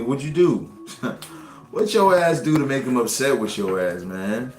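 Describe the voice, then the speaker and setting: A man's voice: mid-range voice, measured pace, darkish tone, soft background music. Joking, profane man in an echoey room. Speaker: tarot reader on a live stream. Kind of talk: casual live-stream reading.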